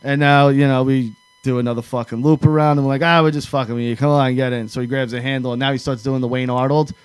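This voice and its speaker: A New York man, a podcast co-host, tells wild stories in casual chat, cursing freely and animatedly acting out his friends' lines. His medium-pitched voice is fast and clean-toned, with no echo.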